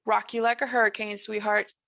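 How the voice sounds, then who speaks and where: A woman gives voice to a menacing male entity who drawls in lilting, sing-song spirals. His folksy, rambling lines carry a gravelly edge. The sound is dry and close. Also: mid-range voice, little pitch movement, brisk, fairly bright tone, no room sound.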